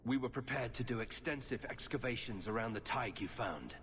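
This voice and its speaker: A man's voice: mid-range voice, a little fast, fairly bright tone, slight background noise, close to an everyday voice. An actor playing an earnest, formal male expedition leader in a video game. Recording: game audio with long reverb.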